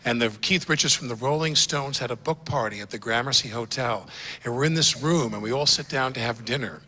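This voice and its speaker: A man's voice: mid-range voice, brisk, sharp tone. A man giving a joking, anecdotal toast with comic timing at a tribute event. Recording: roomy hall reverb, audience and noise.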